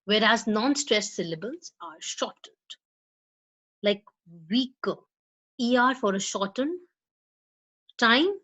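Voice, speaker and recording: A woman with an Indian English accent giving a recorded lecture on spoken English. She explains slowly, with frequent fillers and repeated words, and stresses syllables on purpose when she models pronunciation. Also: on the high side, fairly bright tone, lo-fi sound. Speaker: law college English teacher.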